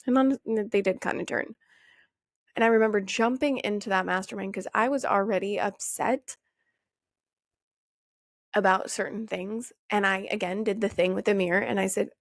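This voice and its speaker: A young woman talks straight into a dry, close mic, her mid-pitched voice carrying a gravelly fry. She hosts a podcast in a casual, animated way, swearing freely and jumping up in pitch to act out questions she used to ask. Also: no room sound. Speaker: podcast host. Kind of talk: casual motivational monologue.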